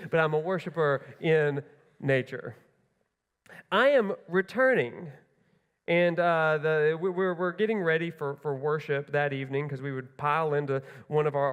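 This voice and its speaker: A youth pastor preaches with comic, self-mocking tangents, stumbling over restarts as he rambles. His voice sits fairly high for a man. Long reverb from the church hall trails after each phrase. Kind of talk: comic sermon storytelling.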